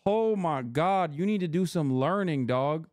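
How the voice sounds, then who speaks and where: A man's voice: a little high, lively intonation, a little slow, a little mellow, no room sound, studio quality. Profane, incredulous streamer guy. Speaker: streamer and political commentator. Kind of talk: live reaction commentary.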